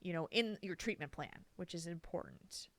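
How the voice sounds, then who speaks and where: A woman's voice: fairly low pitch, lively intonation, normal speed, fairly bright tone, dry recording. A woman co-hosting a casual podcast, talking openly and animatedly about her own anxieties, laughing often. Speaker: podcast co-host. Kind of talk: casual chat.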